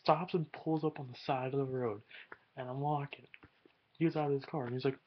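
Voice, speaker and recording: A man's voice: mid-range voice, fairly even intonation, a little fast, lo-fi sound. A teenage boy rambling in a casual webcam vlog, slangy and swearing a lot. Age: teens. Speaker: vlogger.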